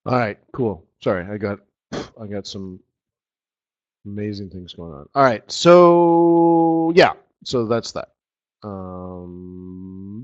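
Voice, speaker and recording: Guy running a live trading webinar, excitable and slangy, kinda dull lo-fi audio. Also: lowish voice, slow. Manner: excitable, slangy, talks to viewers. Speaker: forex trading webinar host.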